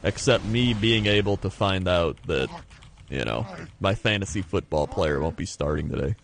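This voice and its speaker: A man streaming a video game and chatting casually, animated and prone to mimicking people. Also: low voice, normal speed, gravelly. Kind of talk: casual chat while gaming.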